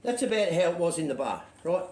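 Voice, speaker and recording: A man's voice: high-pitched, very animated, quick pace, a little mellow. Rambling man spinning a yarn. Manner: rambling, checks in with "right?" constantly, swears freely. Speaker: show host telling a story. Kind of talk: casual anecdotal storytelling. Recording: roomy echoey sound.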